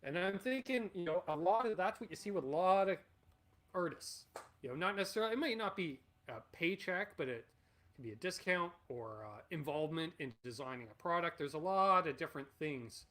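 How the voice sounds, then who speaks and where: A man's voice: fairly high pitch, expressive, a little fast, fairly bright tone. A man in his forties hosting a casual livestream Q&A, rambling and blunt and swearing freely. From Canada. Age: 40s. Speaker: channel host.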